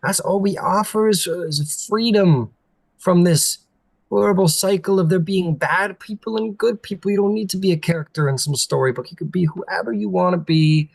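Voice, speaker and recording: Man playing a pleading high-voiced Iron Fey envoy. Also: moderate pace, creaky, no echo, rough recording. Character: nervous talkative male Iron Fey envoy.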